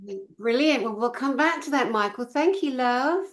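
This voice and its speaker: A woman's voice: sits high, expressive, normal speed. Woman host, affectionate, effusive, echoey room sound. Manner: affectionate, effusive, calls guests "my love". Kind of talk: conference host chat.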